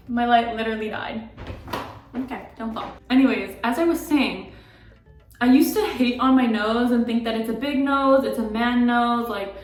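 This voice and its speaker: A woman in her twenties, a beauty vlogger, chatting candidly and heartfelt in a casual confiding way, rambling with lots of likes. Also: a little high. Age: 20s. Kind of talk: casual confiding vlog chat. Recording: echoey room, distant mic, background music.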